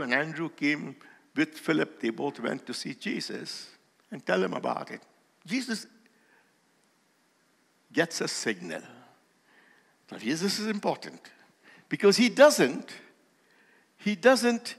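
A male pastor delivers a sermon in a slow, deliberate cadence, leaning hard on key phrases that swell in volume. His voice sits a little high and moves with lively swings of pitch. The sound carries a long reverb from the hall he speaks in. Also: creaky. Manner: emphatic preaching with rising volume and slow stressed phrases.

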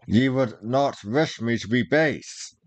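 A man's voice: mid-range voice, slow, no echo, natural voice. A man reading aloud, voicing a proud, hot-tempered young male outlaw archer in old-fashioned speech. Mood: earnest. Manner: archaic, old-fashioned speech, forceful outbursts.

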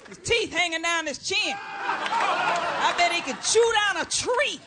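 A brash middle-aged woman comedian hollers her stand-up set in a very high, piercing voice. A roaring live crowd and heavy noise fill the background of the recording. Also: animated, takes it slowly. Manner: loud, brash, shouting to the crowd. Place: stage before a live studio audience. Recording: loud live audience and noisy hall.

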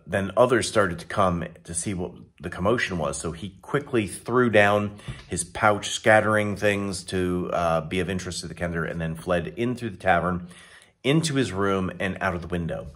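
Deep voiced guy rambling thru his dnd session recap, lots of restarts. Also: fairly bright tone. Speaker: dungeon master. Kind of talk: casual recap and advice for game masters.

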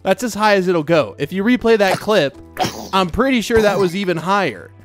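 Excitable man with a lively, swooping voice. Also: normal speed, soft background music. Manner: excitable, breaks into high-pitched shrieks and laughter. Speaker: let's play gamer. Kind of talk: casual gameplay commentary. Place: home room with his puppy nearby. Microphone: desk mic with windscreen and headphones.

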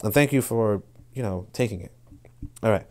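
A man hosting a podcast, talking through ideas in casual spoken commentary, rambling with many restarts and fillers and breaking into animated bursts. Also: on the low side, normal speed. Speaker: podcast host.

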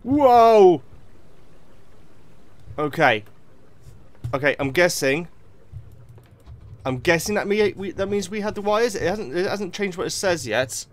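A young man narrates his gameplay in a slightly high voice. His pitch swings widely as he reacts excitably, often talking straight to the game. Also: normal speed. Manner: excitable, talks to himself and the game. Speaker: gaming video host. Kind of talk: let's play commentary.

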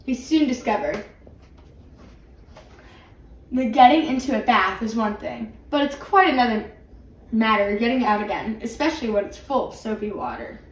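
A woman hosting her own channel, reading a picture book aloud in a clear, steady storytelling way. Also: fairly high pitch, normal speed, long pauses, distant mic. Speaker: channel host, reader. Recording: roomy, away from mic.

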